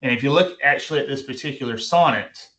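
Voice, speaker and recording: A man's voice: medium pitch, fast talker, fairly bright tone. A middle-aged man teaching a recorded online lecture, informal, repeating his points with frequent ums and restarts. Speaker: instructor.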